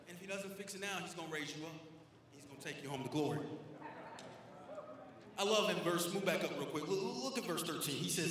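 A male pastor preaching with a high, bright voice that carries through a large reverberant sanctuary. He shifts from hushed storytelling to shouted calls for a response. The sound rings with a long echo. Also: slight background noise. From Florida, USA. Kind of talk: sermon. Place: church sanctuary. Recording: echoey hall with long reverb.

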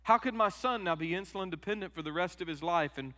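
Middle-aged man, pastor's sermon, fairly high voice, long hall reverb. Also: fast talker. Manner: emotional storytelling, rising to loud emphatic peaks.

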